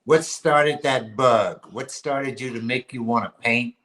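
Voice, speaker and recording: A man's voice: mid-range voice, a little slow, a bit bright. A man on a livestream casually asking the artist what got her started painting.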